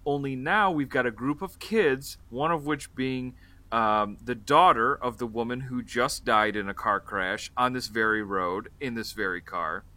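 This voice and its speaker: A man's voice: mid-range voice, a little slow, bright, forceful tone. A man co-hosting a casual movie-review chat, recapping the plot in a rambling way with fillers and the odd swear. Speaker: podcast co-host.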